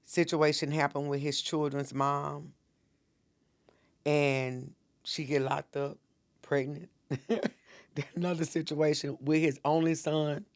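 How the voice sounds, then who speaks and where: Earnest middle-aged woman storyteller. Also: low voice. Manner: earnest, intense, acts out what people said. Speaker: podcast guest, minister. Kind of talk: emotional personal storytelling.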